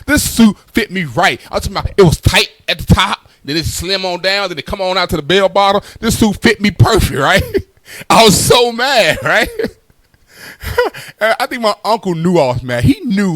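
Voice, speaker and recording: Animated male stand-up storyteller. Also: high voice, normal speed, dry recording. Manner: animated, repetitive asides. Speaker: comedian.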